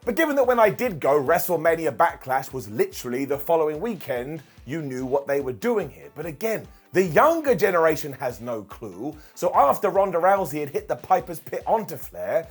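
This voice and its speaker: A man's voice: on the high side, lively intonation, moderate pace, slightly rough, faint music behind. A man from the UK giving jokey, scripted commentary with lots of asides. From United Kingdom. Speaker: wrestling commentator.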